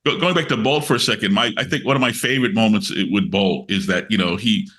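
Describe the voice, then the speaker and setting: A man's voice: on the low side, fast talker. A man in his sixties, a comics writer being interviewed, telling stories animatedly with many restarts. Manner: animated storyteller, many restarts, acts out quotes. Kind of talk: casual interview chat.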